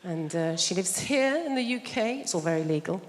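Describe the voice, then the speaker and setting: A woman's voice: on the low side, expressive, fairly quick. A woman from England doing a stand-up comedy set on a theatre stage, wry, self-mocking and conversational. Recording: live theatre hall with loud audience noise.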